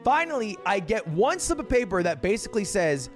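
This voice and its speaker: Brief: young guy ranting through a funny story, swears a lot, slightly high voice, faint music behind. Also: very animated, fairly quick, few pauses. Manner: profane, exasperated, comic retelling. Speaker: streamer. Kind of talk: animated storytelling.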